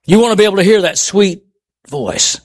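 A man with a high voice preaching a sermon to his congregation. He presses his points with rhetorical questions and swings from ringing high exclamations down to quiet, low murmurs. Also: expressive, fairly quick.

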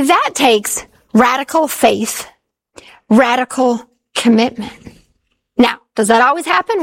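High-voiced woman preaching a sermon. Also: poor audio. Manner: earnest storytelling with repeated phrases.

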